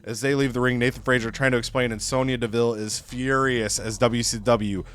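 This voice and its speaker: A man's voice: mid-range voice, fairly even intonation, brisk. A man casually retelling a wrestling game session, with lots of "you know" and "like" fillers. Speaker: let's-play co-host. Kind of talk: casual game recap storytelling.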